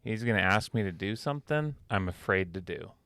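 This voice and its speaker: A man's voice: fairly low pitch, lively intonation, brisk, fairly bright tone, dry recording. A man co-hosting a faith podcast, admitting his fears in a hesitant, vulnerable way. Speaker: podcast co-host. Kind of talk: casual faith podcast conversation.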